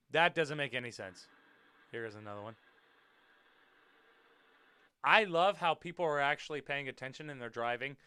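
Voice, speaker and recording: A man hosting his own show, reacting to dash cam videos with loud swearing outbursts and quiet muttered asides. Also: fairly high pitch, smooth, no room sound, studio quality. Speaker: podcast host.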